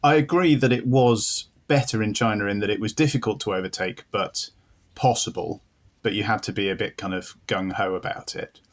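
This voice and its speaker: A man's voice: on the low side, normal speed. Male co-host, dry and contrarian, casual chat. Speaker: podcast co-host.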